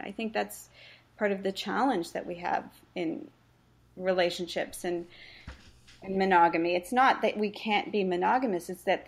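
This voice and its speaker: A woman who practices face reading and works as a coach explains relationships earnestly in a podcast interview, telling stories about her clients. Her voice is medium in pitch.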